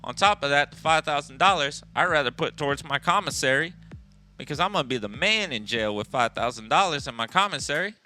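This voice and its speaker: A man's voice: fairly high pitch, expressive, a little fast, pushed and bright, soft background music. A man, an EMS worker and instructor, telling a story on a podcast in a blunt, profane, street-smart way.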